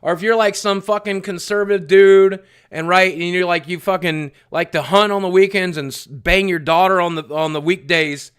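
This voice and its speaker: A man's voice: high voice, steady tone, normal speed, hardly any pauses, a bit bright, smooth. A young man streaming live, rambling and swearing as he answers chat messages and repeats himself. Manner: rambling, profane, repeats phrases. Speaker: livestreamer. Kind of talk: casual rant to live chat.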